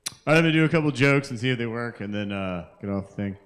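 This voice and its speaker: A man's voice: medium pitch, expressive, rapid-fire. A man hosting a live open mic, doing rambling, self-interrupting crude stand-up to the crowd at a kava bar. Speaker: comedian and open mic host.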